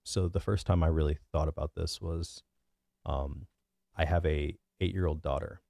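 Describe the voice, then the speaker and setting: A man in his thirties with a deep bass voice, giving his opinions in a casual, rambling monologue full of fillers and restarts. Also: steady tone, moderate pace, vocal fry, mellow, no room sound, clean studio sound. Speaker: vlogger.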